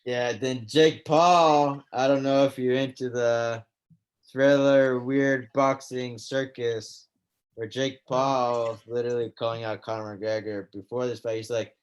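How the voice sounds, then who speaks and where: A man's voice: mid-range voice, fairly even intonation, unhurried, smooth. A man co-hosting a podcast, talking sports in a loose, chatty way, swearing casually and trailing off mid-thought. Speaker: podcast co-host.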